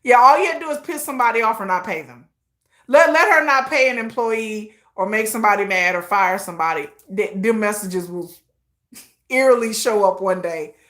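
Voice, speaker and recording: A woman runs a casual commentary livestream, her voice bright and forceful at a medium pitch. She talks fairly quickly in a lively, slang-heavy, gossipy manner, laughing a lot.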